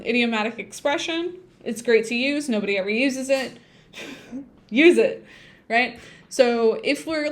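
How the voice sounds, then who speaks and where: A woman teaching an English speaking-test lesson on a livestream, thinking aloud and humming to herself as she types. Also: fairly high pitch. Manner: hums and sings to herself while typing.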